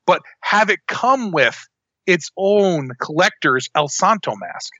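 A man with a bright, somewhat high voice co-hosts a casual podcast chat. He rambles in an animated way, often cutting himself off to restart. The sound is dry and a little dull, like a lo-fi recording. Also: slow, no room sound. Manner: rambling, animated, self-interrupting. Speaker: podcast co-host.

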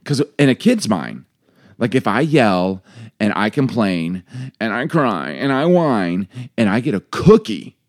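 Male co-host, 40s, low dry voice, animated storyteller. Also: unhurried, no echo. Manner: animated storyteller, acts out quotes. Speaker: podcast co-host, father. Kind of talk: casual chat.

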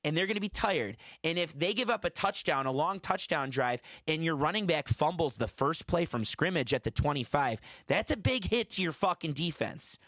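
A man's voice: on the high side, lively intonation, moderate pace, hardly any pauses, a bit bright, no room sound. Argumentative man breaking down football plays. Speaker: podcast co-host. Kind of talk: casual sports podcast chat.

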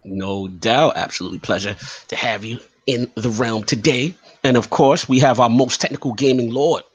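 Husky-voiced man hyping up a podcast. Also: mid-range voice, normal speed, dull audio. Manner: hype-style introductions with playful nicknames. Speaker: podcast host. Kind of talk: casual podcast chat.

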